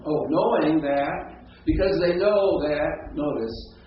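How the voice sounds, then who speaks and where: Distant, echoey lecturing professor. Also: male voice, fairly high pitch, slow pace. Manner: explanatory, checks in with frequent "right?" and "okay?". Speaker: seminary professor. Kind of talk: classroom lecture. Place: lecture classroom. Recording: distant, echoey, muffled classroom recording with faint hiss.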